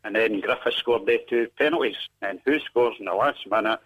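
Husky-voiced Scottish man on a phone line. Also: fairly low pitch, fairly quick. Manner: chuckles often between lines. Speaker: radio caller. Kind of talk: phone interview, casual storytelling.

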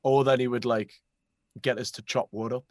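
A man with a Geordie accent, a musician guest chatting casually, relaxed and laughing easily. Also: mid-range voice, moderate pace, dry recording, studio quality. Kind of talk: casual chat interview.

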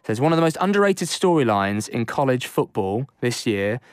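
A man's voice: mid-range voice, very animated, normal speed, clear, resonant tone, no room sound, clean studio sound. A man with an English accent, co-hosting a casual sports podcast, chatty with lots of fillers and restarts. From England. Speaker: podcast co-host.

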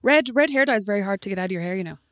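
An Irish woman co-hosting a podcast, chatting casually in an animated, indignant way. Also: mid-range voice, racing, dry recording, clean studio sound. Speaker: podcast co-host. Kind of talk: casual chat.

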